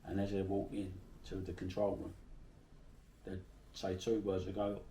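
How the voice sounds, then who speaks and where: A man's voice: fairly low pitch, steady tone, fairly quick, creaky, a little mellow, echoey room, distant mic, a little hiss or hum. A middle-aged man from Bermondsey with a South London accent, telling salty stories in a casual interview. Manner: chatty, salty, swears freely while telling anecdotes.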